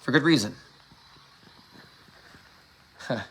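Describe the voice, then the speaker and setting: A man's voice: medium pitch, very slow, husky. A man hosting a late-night solo livestream, rambling with frequent restarts, swearing and laughing at himself. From Ohio. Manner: rambling, self-interrupting, profane and laughing. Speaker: livestream host.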